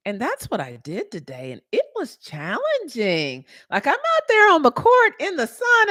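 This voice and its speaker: A woman hosting her podcast, telling a personal story in a casual, motivational monologue and jumping into a high voice when she retells her own thoughts. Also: huge pitch swings, moderate pace, hardly any pauses, pushed and bright, dry recording, studio quality. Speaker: podcast host.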